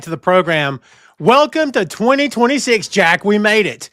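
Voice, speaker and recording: Man, podcast host, playful and theatrical, slightly high voice, dry close sound. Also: very animated, normal speed, sharp tone, no echo. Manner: playful, theatrical, reads chat aloud. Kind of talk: casual live-stream chat.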